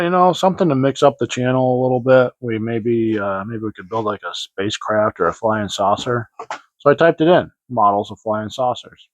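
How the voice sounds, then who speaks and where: In a mid-range voice with no room sound, a hobby channel host shows off model kits in a casual vlog. His talk is rambling and hesitant, thick with fillers and false starts, and the recording is dry, slightly dull and lo-fi.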